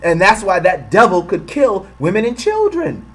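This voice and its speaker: A man from the United States delivers a heated monologue for his online channel, repeating and restarting phrases as he pushes his point. His voice sits a bit high for a man. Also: wildly swooping pitch, normal speed. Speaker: host. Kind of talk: commentary video monologue.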